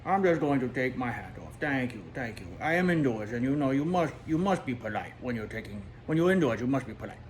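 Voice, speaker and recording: A man's voice: mid-range voice, lively intonation, brisk, hardly any pauses, slight background noise, natural voice. A man voicing a chatty, jokey male toy dog who rambles, repeats words and laughs at his own jokes. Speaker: storyteller host. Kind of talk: comic storytelling monologue.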